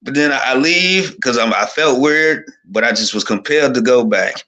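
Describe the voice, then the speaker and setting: A man tells a spiritual testimony in an everyday mid-pitched voice. He sounds fervent and overwhelmed, and he keeps stumbling and restarting his words. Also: normal speed, bright, forceful tone. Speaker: guest. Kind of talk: emotional personal testimony.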